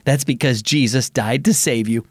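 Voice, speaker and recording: A man's voice: mid-range voice, moderate pace, breathy edge, no room sound. A man hosting and narrating a children's devotional story program in an upbeat, friendly way, recorded on a close studio mic. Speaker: host and narrator.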